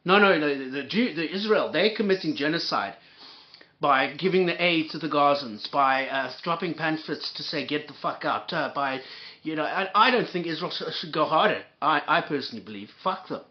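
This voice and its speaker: Reacting to a clip, a commentator with a fairly high, expressive voice rants angrily at a moderate pace, swearing freely and piling sarcasm and insults on his target. He stumbles over words, repeating and restarting. The recording is dull and lo-fi.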